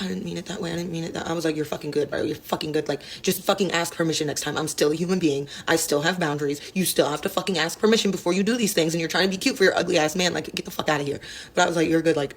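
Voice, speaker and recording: A woman ranting casually to camera about her work as an exotic dancer, blunt and swearing heavily. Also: deep voice. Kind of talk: casual vlog rant.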